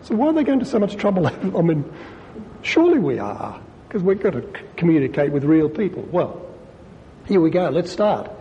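A man, a priest giving a conversational sermon with wry asides, reading quotations aloud and rising in pitch for emphasis. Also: big pitch swings, moderate pace, highs cut off. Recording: long hall reverb, faint low rumble.

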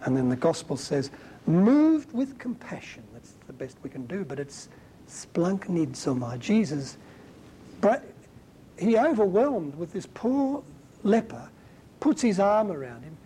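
A man giving a conversational Bible teaching as a preacher, talking in an animated, colloquial and emphatic way. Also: a little high, measured pace, breathy edge, rough recording.

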